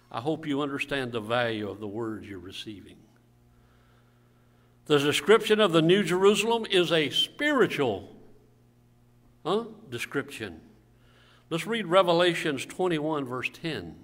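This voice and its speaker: Bright-voiced preaching man in a reverberant church. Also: fairly high pitch. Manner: preaching, asks rhetorical questions, calls for amens. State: coughing at times. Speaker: pastor. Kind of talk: sermon with congregational reading. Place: church sanctuary.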